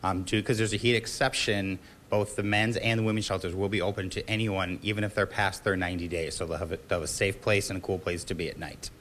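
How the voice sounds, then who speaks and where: A man who works at a shelter answering a reporter's questions live, talking quickly with casual fillers. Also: low voice, steady tone, a bit bright, slight background noise. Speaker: shelter staff member. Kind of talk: live TV interview. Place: outdoors at a shelter.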